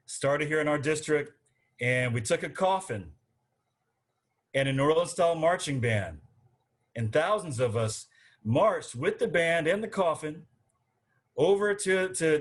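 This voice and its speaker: A man making his case to a virtual arts forum, earnest and rhythmic in his speechmaking. His voice comes through a video call. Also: on the high side. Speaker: city council candidate.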